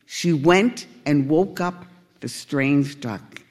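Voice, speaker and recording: A man narrating a storybook tale in a gentle, unhurried way. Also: fairly high pitch, big-room sound.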